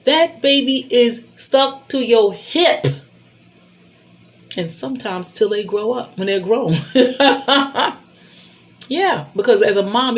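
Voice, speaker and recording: A middle-aged woman giving blunt life advice to a phone camera, emphatic and preachy, repeating her key points. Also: medium pitch. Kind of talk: candid advice monologue.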